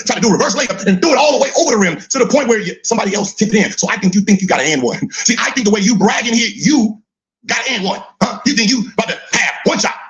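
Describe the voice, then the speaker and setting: A middle-aged man with a high, lively, bouncing voice mocks a play in casual commentary. He laughs a lot and keeps prodding with "huh?". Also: muffled recording. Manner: teasing, laughs often, repeats "huh?". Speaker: podcast co-host reacting to clips.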